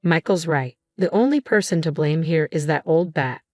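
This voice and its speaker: A woman voicing a loyal female best friend in a storybook reading, speaking firmly and briskly. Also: low voice, dry recording, studio quality, faint music behind, lightly acted. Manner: firm, upbeat.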